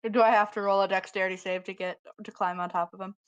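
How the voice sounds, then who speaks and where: A woman playing in a casual tabletop game describes her character's actions in a calm, plain way. Her pitch is middling for a woman, and the recording sounds dull and lo-fi. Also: fast, smooth. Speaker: player.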